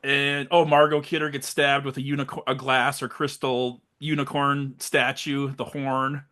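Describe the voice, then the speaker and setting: A man's voice: mid-range voice, level tone, unhurried, pushed and bright. A man co-hosting a podcast, casually recapping a horror film and acting out its lines in funny voices. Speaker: podcast co-host.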